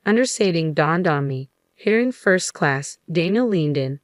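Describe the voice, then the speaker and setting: A woman narrating a first-person story in a measured, even storytelling manner. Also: low-pitched, no echo.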